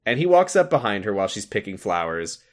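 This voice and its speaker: A man with a low voice recaps a video game on a casual podcast. His pitch moves a great deal as he talks. He throws in quick asides and laughs easily. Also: sing-song. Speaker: podcast co-host.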